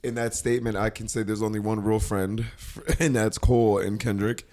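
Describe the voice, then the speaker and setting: A man's voice: on the low side, little pitch movement, moderate pace, darkish tone. A man hosting a podcast, casually breaking down rap lyrics with laughter and swearing. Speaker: podcast host.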